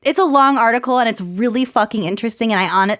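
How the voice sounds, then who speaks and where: A woman's voice: a little high, fast talker, a bit bright, no room sound, studio quality. Woman reading an article aloud on a podcast. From Minnesota. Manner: reads quotes aloud, then riffs casually with crude jokes. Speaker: podcast co-host. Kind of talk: casual chat reading from an article.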